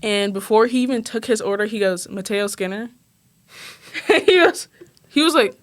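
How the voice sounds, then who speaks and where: A woman's voice: a little high, normal speed. Chatty young woman telling a story. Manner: animated, laughing, says "like" constantly. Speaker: podcast co-host. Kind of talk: casual storytelling chat.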